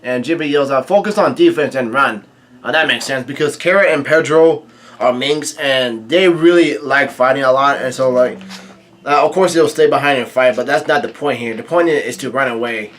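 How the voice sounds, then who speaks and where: A man casually recapping a comic chapter, reading out the dialogue in a halting way full of fillers and restarts, with quick asides. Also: mid-range voice, a bit bright. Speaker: manga reaction host.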